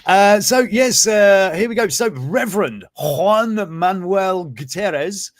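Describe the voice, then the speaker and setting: A man's voice: high-pitched, lively intonation, takes it slowly, dry recording. A man hosting a comedic news commentary show, joking, laughing often and wandering into asides. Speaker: host.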